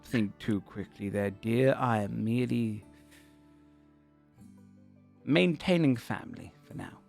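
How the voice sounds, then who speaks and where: A calm parent figure, as a man puts them on, speaks low and soft. The voice stays measured and dry, a touch below the narrator's usual pitch, with a gravelly grain. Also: faint music behind, full character voice.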